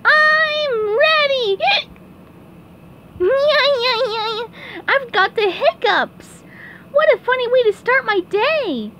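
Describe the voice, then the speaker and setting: A woman voicing a cheerful, boyish male sea sponge in a fan comic dub, with an excitable, sing-song way of talking. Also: very high voice, drawn-out words, long pauses, slight background noise, full character voice.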